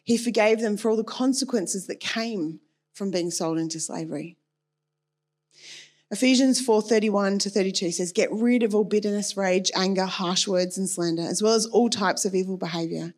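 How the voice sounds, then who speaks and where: A woman's voice: medium pitch, moderate pace, a little mellow. A woman preaching a sermon in an earnest, personal and conversational way.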